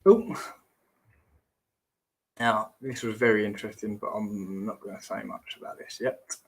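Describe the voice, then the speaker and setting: A man's voice: fairly low pitch, measured pace, fairly bright tone, slight background noise. A man hosting a casual livestream, rambling and exclamatory, often trailing off and restarting mid-sentence. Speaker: host.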